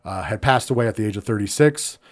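Speaking quickly in a lowish voice, an American man chats loosely on his wrestling podcast. He leans on lots of fillers and grows quiet whenever the mood gets somber.

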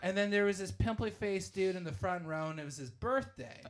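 A young man, a stand-up comedian, telling stories from his shows in casual chat, swearing freely and shouting when he acts out bits. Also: high voice, fairly quick. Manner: animated storyteller, bursts into shouting when acting out his set.

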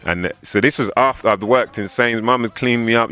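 A man's voice: mid-range voice, a little fast, soft background music. A man in his thirties with an English accent, a rapper talking casually in an interview and acting out the voices of people he quotes. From England. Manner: animated storyteller, acts out quoted voices.

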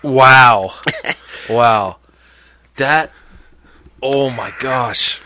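Slow, bright-voiced young man. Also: mid-range voice, no echo, studio quality. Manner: short blurted reactions. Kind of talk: casual chat.

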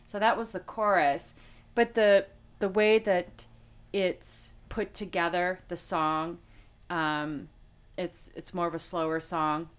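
A middle-aged woman from Las Vegas, a guest telling a personal faith story in a heartfelt, halting way with many fillers. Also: fairly low pitch, steady tone, smooth. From Las Vegas, United States. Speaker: interview guest. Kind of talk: personal faith testimony in conversation.

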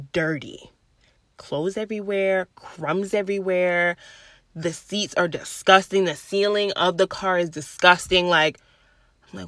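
Young woman, casual vlogger, crisp bright voice, blunt profane ranting with self-amused laughs. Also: medium pitch, dry recording. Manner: blunt, profane, chatty rants; laughs at herself mid-sentence. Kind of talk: casual talk to camera.

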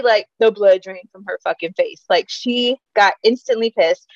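A woman with a mid-range voice co-hosts a podcast at a moderate pace, gossiping about celebrities in a casual, animated way, full of swearing and laughter. The audio is dull but has no echo.

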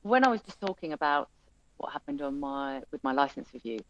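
A woman's voice: low voice, brisk, dull audio. A woman who runs a music venue, telling her story in an interview with lots of fillers and restarts. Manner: chatty, animated storytelling with many fillers and restarts. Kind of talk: interview conversation.

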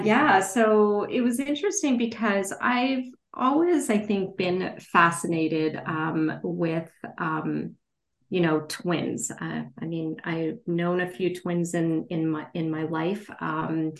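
A woman author reading her novel aloud and then answering questions hesitantly over a video call. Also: low voice. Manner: hesitant, many fillers and restarts. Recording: roomy echo.

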